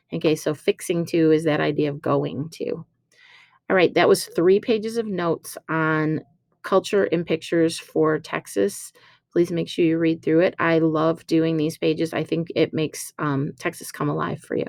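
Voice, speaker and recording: A woman teacher walks through a recorded slide lesson. She is chatty and explains with fillers and quick self-corrections. Her voice sits low and sounds dry, close to a computer mic. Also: fairly even intonation, vocal fry, no room sound.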